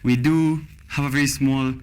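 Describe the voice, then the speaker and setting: A man's voice: medium pitch, fairly even intonation, normal speed, a little mellow, a little hiss or hum. Kenyan man hosting a playful quiz. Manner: laughing, playful. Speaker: TV show host. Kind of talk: casual quiz chat. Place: TV studio.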